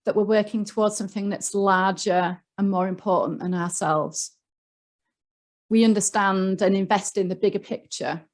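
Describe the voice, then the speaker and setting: A woman with a Yorkshire accent, speaking as a guest on a leadership panel, explaining ideas earnestly with frequent ums and small restarts. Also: medium pitch. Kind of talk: online panel talk.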